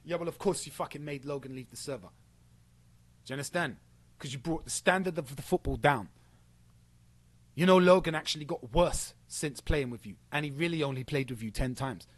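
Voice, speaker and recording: A young streamer rants at a former friend, confrontational and sweary, repeating himself as he builds his case. His voice is a little high and brisk.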